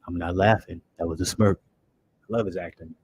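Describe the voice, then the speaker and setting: A man's voice: low-pitched, steady tone, a little fast, a little mellow, a little hiss or hum, low-quality recording. A man hosting a casual movie reaction, chatting with enthusiasm and talking straight to his viewers. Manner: enthusiastic, loose and chatty, talks to viewers directly.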